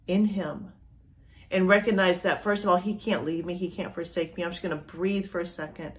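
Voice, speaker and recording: A middle-aged woman hosting a faith podcast as a life coach, delivering a motivational talk that swings from loud urging to a soft, near-whispered hush. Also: on the low side.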